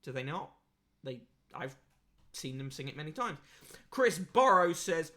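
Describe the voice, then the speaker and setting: A man's voice: on the high side, sing-song, a little slow, long pauses, bright, forceful tone. A man hosting a podcast and giving a sardonic, casual running review of newspapers, with plenty of fillers.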